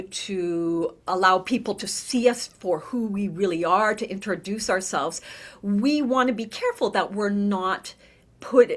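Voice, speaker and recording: A middle-aged woman, a vocal coach, talking in a conversational podcast interview, animated and often checking in with "right?". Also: mid-range voice. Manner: animated, demonstrates voices, frequent "right?".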